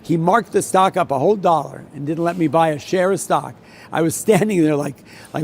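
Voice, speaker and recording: Older New man, veteran trader, rambling storyteller, slightly high voice, faint noise behind. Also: fairly quick, gravelly. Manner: rambling, many restarts and repeats. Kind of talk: solo talk with anecdote.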